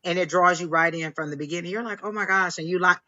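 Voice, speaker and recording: A woman's voice: lowish voice, fairly even intonation, fast talker, bright, forceful tone, highs cut off. A woman co-hosting a live stream, playful and teasing in casual chat. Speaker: co-host.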